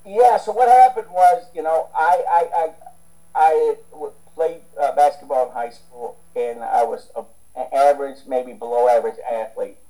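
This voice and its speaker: A man's voice: a little high, normal speed, mellow, rough recording. A man from the United States, a strength coach talking as a guest in a casual interview, rambling with many restarts and fillers.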